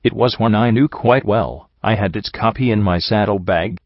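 A man's voice: fairly low pitch, moderate pace, no room sound. A man reading a storybook voices a refined, composed female unicorn who speaks in clipped, terse lines. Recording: dull lo-fi recording.

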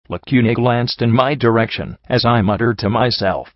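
A man narrating a story in the first person, reading in a measured, somber way. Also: medium pitch, no echo. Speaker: audiobook reader. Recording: dull lo-fi sound.

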